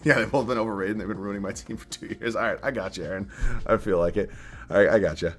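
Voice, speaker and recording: A man's voice: on the low side, fast, a bit bright, faint music behind. A young man from southern Massachusetts streaming live, chatting casually, thinking aloud and laughing as he reads viewer chat.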